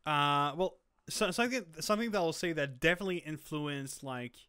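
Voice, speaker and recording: Young male podcast co-host, bright and clear-voiced, rambling and excitable. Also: fairly high pitch, brisk. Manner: excitable, rambling, many fillers. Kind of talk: casual chat.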